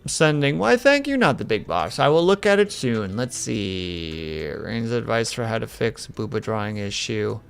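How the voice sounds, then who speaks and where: A man's voice: lowish voice, very animated, a little slow, creaky, hardly any pauses, clean tone, soft background music. A male streamer chatting casually while drawing, telling rambling stories and teasing his viewers. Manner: rambling anecdotal storytelling; playful teasing.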